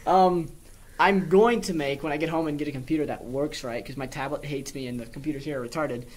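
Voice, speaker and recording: A man's voice: a little high, steady tone, brisk, a little hiss or hum. A teenage boy co-hosting a podcast at school, chatting casually, rambling and giggling at himself. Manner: rambling, giggly, self-mocking. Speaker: podcast co-host. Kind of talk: casual chat.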